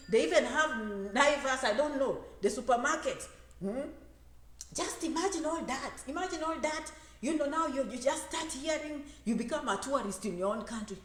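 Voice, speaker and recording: A woman giving a lively motivational talk on immigration to an audience. She acts out quoted voices and repeats phrases for emphasis. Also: high voice. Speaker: immigration advisor and speaker. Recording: echoey room.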